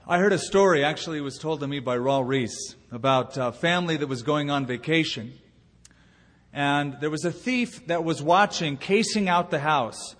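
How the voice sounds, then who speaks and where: A man's voice: fairly high pitch, moderate pace, fairly bright tone. Man preaching in a reverberant hall. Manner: storytelling preacher, rising to emphatic delivery. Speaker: pastor. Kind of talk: sermon. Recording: long reverb of a church hall.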